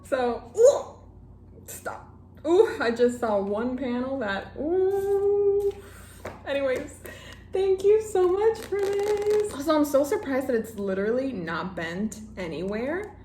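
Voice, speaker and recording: In her reading vlog, a young woman book vlogger chats while opening gifts from friends, gushing and emotional, with laughs and teary outbursts. Her voice is fairly high with a darkish tone and a little hiss or hum, recorded in an echoey room with faint ambience.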